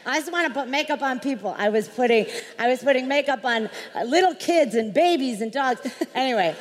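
A woman's voice: high voice, lively intonation, a little fast. A woman on a live panel, telling a story with lots of energy, often laughing and acting out quotes. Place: large hall, live event on stage. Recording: reverberant hall with faint noise.

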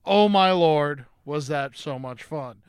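A man hosting a casual comedy podcast from home, upbeat and quick to laugh. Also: fairly high pitch, smooth, no echo, clean studio sound. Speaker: podcast host. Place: home setup during lockdown.

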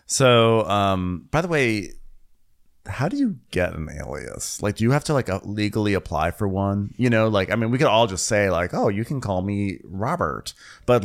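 A man's voice: on the low side, gravelly. A man co-hosting a podcast, giving wry, rambling asides in a casual recap chat. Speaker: podcast co-host.

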